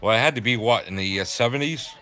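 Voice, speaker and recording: An older man from southeastern Massachusetts with a local accent, casually chatting with viewers on a livestream in a rambling, halting way. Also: mid-range voice, sharp tone, faint music behind. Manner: rambling, halting, full of fillers. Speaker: livestream host. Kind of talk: casual chat reading viewer comments.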